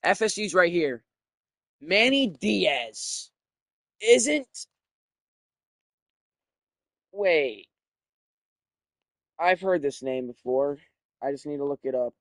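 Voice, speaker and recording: A young man giving casual, profane commentary while playing a video game, thinking out loud and getting excited. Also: a little high, measured pace, long pauses, no room sound, studio quality. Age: young adult.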